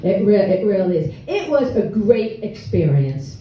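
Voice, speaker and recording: Animated older woman telling a funny story. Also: medium pitch, a little slow, a little hiss or hum. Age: 60s. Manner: humorous, animated, self-deprecating. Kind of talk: live storytelling performance. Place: hall with an audience. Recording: echoey room, mic from far off.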